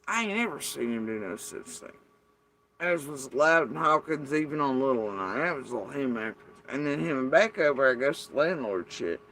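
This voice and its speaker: A man's voice: mid-range voice, lively intonation, moderate pace, fairly bright tone. Profane, rambling man ranting. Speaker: vlogger. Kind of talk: casual unscripted rant.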